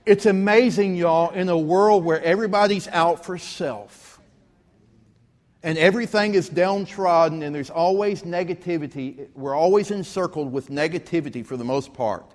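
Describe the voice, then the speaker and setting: A man's voice: on the high side, moderate pace, long reverb tail. A man, preaching a sermon as pastor, telling stories with rising emphasis. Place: church sanctuary.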